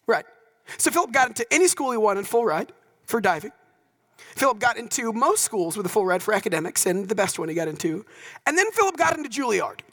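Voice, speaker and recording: A man from North Texas speaking to an audience, telling stories in an animated, conversational way and often checking in with "right?". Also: high-pitched, brisk, rough recording. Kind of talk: storytelling talk.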